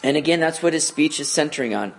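A man's voice: fairly high pitch, animated, fast talker. A man teaching a conversational evening Bible study, casual in tone and often asking his listeners rhetorical questions.

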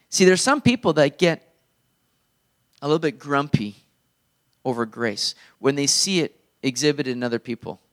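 A man's voice: mid-range voice, expressive, moderate pace, pauses often, a bit bright. A male pastor preaching a sermon in an earnest, conversational way.

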